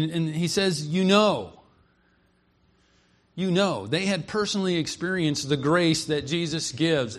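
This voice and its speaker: A man preaching from the pulpit in an earnest, emphatic way. His voice sits a touch higher than most men's. He reads scripture verses aloud and then explains them word by word. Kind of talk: expository sermon.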